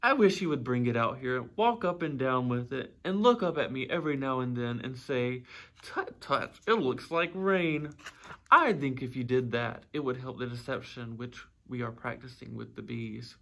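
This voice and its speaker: A man voicing a gentle, earnest, simple-minded toy bear in a storybook read-aloud, talking in a ponderous, slightly anxious way. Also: medium pitch, expressive, moderate pace, gravelly. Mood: earnest, scheming.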